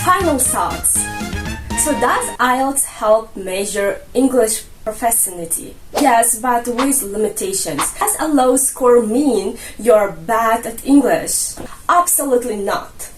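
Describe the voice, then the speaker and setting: A woman's voice: a little high, animated, a little slow. A woman coaching viewers on an English exam in a chatty, jokey way, a native Russian speaker. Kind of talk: casual explainer narration. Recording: roomy, a bit distant from mic, light music.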